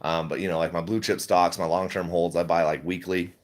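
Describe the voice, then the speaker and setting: Low-voiced guy rambling on a stream, chill, laughs a lot. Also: little pitch movement, brisk. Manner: rambling, laid-back, laughs often, slips into mimicry. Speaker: stock vlogger. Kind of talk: casual livestream chat.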